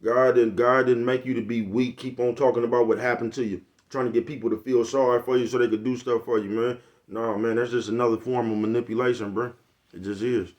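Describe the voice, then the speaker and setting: A man's voice: mid-range voice, level tone, brisk, darkish tone. An older man, giving a blunt, preachy, profane motivational monologue to his viewers. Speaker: vlogger.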